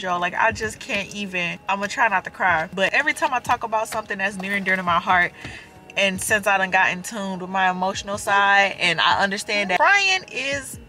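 A young woman and mother of four, vlogging casually from her car and talking straight to her viewers with lively emphasis. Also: medium pitch. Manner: animated and emphatic, addresses viewers as y'all. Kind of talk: casual chatty vlog talk.

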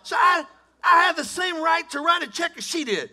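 A middle-aged man preaching a sermon as pastor, animated, moving between quiet storytelling and shouting. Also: extremely high pitch, a little fast, a loud crowd, heavy background noise. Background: music playing.

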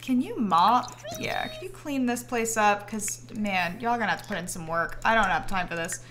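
A woman's voice: medium pitch, sing-song, moderate pace, fairly bright tone, a little hiss or hum. A young woman streaming a life-simulation game live, giving exasperated, joking running commentary to her chat.

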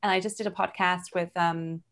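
A woman with a transatlantic mix of English and American accent, a burlesque performer chatting as a guest on a video call, bubbly and quick to giggle. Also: on the low side, steady tone, fairly bright tone. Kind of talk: casual chat on a live video call.

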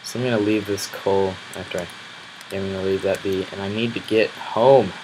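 A man giving casual commentary over his own gameplay, grumbling and bursting into loud exclamations when enemies attack. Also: deep voice, steady tone, normal speed, background noise. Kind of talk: casual let's-play commentary.

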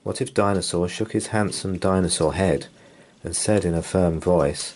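Deep-voiced man reading a bedtime story. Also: normal speed. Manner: gentle, expressive reading. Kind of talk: bedtime story read-aloud.

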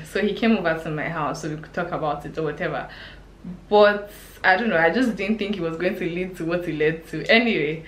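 A young woman, a vlogger telling a chatty, expressive story with sudden exclamations. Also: lowish voice. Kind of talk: casual storytime chat. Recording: echoey room.

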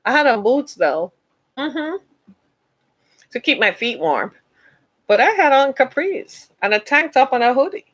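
A woman's voice: high-pitched, very animated, measured pace, long pauses, fairly bright tone, husky, rough recording. A woman giving an emphatic, preacher-like motivational talk to her listeners, calling them "y'all.". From United States. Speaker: speaker addressing listeners.

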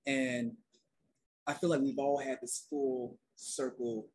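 A soft-spoken young man from North Carolina, talking calmly as a guest in a casual group conversation. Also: mid-range voice, slow, slight background noise, rough recording. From North Carolina, USA. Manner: soft-spoken and relaxed, calls it his quiet storm voice. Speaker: guest, outdoor youth program founder.

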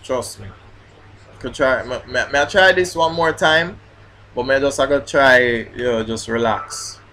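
A man's voice: medium pitch, a little slow, background noise. A man, a grime MC ranting in a casual vlog about flubbing his bars, swearing and repeating himself. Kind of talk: casual vlog rant while rehearsing bars.

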